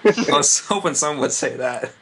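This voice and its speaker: A man's voice: on the high side, lively intonation, moderate pace, sharp tone, slightly rough. A man chatting casually on a podcast, jokey and rambling. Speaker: podcast guest. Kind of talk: casual chat.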